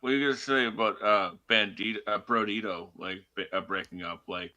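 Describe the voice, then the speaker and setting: A man co-hosting a podcast in casual chat, laid-back and halting, with lots of fillers and laughter. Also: fairly low pitch, fairly even intonation, sharp tone, muffled recording. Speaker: podcast co-host.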